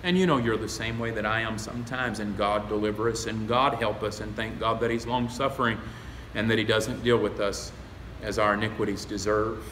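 A man preaching a sermon as pastor, folksy and emphatic, rising to loud exclamations. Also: fairly low pitch, steady tone, fairly quick, slight background noise. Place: church sanctuary. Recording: echoey, reverberant hall.

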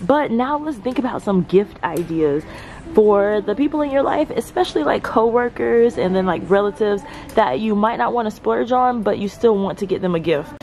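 A woman's voice: mid-range voice, moderate pace. A woman vlogging as she browses a large store, gushing over products and talking to her viewers. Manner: gushing, excitable, addresses viewers as y'all. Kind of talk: shopping vlog narration.

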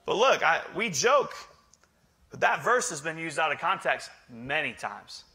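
A man's voice: on the high side, sing-song, unhurried, sharp tone. A male pastor preaching a sermon in a joking, conversational way, teasing his congregation. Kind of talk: humorous sermon.

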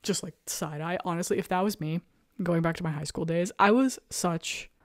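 Animated young woman recapping, dry sound. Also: on the low side, normal speed, no room sound. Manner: animated, exasperated, laughs often. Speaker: show host. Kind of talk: casual recap chat.

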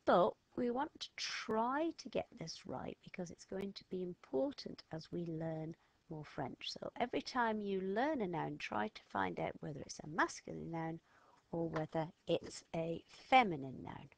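A woman's voice: lowish voice, expressive, moderate pace, vocal fry. A woman giving a step-by-step French lesson to children, patiently sounding out letters and words. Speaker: French teacher. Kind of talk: slow step-by-step lesson narration.

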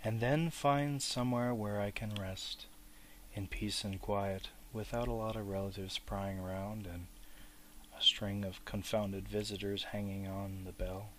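A man's voice: measured pace, noisy background, natural voice. A man doing a fussy, touchy old hobbit. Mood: wistful. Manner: higher, excitable, turns sharp and whispery. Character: fussy elderly male hobbit, touchy and possessive. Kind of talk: audiobook reading.

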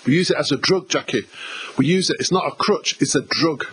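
A man's voice: on the high side, brisk, a bit bright, poor audio. An English man preaching a sermon as pastor, emphatic and conversational, repeating himself and speaking to the congregation. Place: church hall.

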